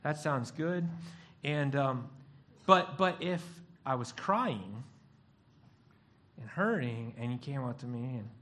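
Animated male pastor preaching. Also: mid-range voice, takes it slowly, long pauses. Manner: animated storytelling, acts out voices. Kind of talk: sermon.

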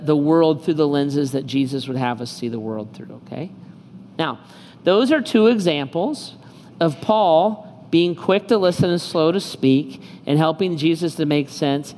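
Joking pastor preaching in a reverberant hall. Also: male voice, fairly high pitch, a little mellow, a little hiss or hum. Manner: conversational and joking, with rhetorical questions. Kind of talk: sermon with personal storytelling. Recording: reverberant hall, faint background ambience.

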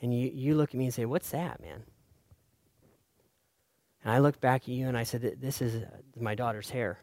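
A middle-aged male pastor preaching a sermon, telling a story in a voice that swings from soft and hushed to loud and urgent. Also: medium pitch, fairly even intonation, normal speed, no room sound.

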